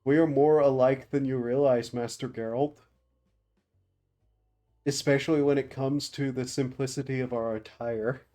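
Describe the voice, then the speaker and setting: A streamer voicing a composed, formal male merchant goldsmith who argues calmly. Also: mid-range voice, close to an everyday voice. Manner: measured, formal, reasoning.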